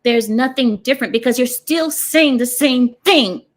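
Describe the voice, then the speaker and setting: A woman's voice: sits high, normal speed. A woman hosting a casual stream, reacting to clips and chat and arguing her points through rhetorical questions with frequent laughter.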